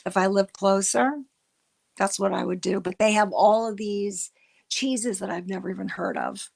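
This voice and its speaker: Chatty middle-aged woman with a gravelly voice. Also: medium pitch, fairly even intonation, normal speed. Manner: chatty, rambling, frequent restarts. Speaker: livestream host. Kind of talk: casual livestream chat with chat readers.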